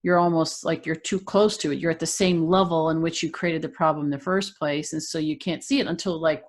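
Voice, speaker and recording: Low-voiced woman hosting a podcast. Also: steady tone, a little fast. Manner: reflective, thinking aloud with hesitations. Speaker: podcast host. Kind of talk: interview conversation.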